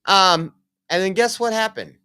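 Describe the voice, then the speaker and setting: A man's voice: high voice, measured pace, sharp tone, clear, resonant tone. A man hosting opinionated political commentary, reading quotes aloud and laughing at them mockingly.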